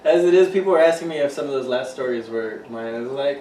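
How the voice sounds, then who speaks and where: A man's voice: mid-range voice, quick pace, hardly any pauses, dark tone. A man, casually chatting and swearing freely as a podcast co-host. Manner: loose, profane storytelling. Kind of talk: casual chat. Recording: roomy room, distant mic, faint hum.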